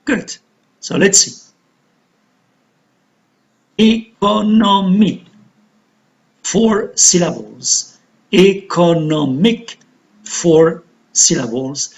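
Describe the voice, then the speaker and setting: In this recorded English pronunciation lesson, a woman with an Algerian accent drills words by repeating them and speaking deliberately. Her voice sits fairly low, and the high frequencies are cut off.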